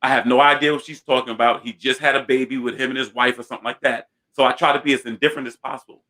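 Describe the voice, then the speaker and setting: Bright-voiced man telling a comic story. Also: mid-range voice, very fast. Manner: animated, self-mocking storyteller. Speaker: host. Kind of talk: comic storytelling on a talk show.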